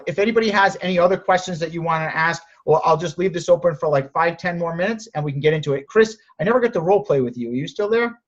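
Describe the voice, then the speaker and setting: A man coaching sellers on a group call, direct and encouraging, often restarting his sentences. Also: a little high. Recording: muffled lo-fi audio.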